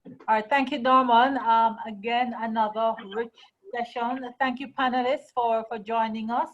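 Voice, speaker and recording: A woman's voice: fairly high pitch, steady tone, normal speed, fairly bright tone. A woman moderating a webinar over a video call, summarizing the session in an upbeat way. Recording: dull lo-fi video call audio.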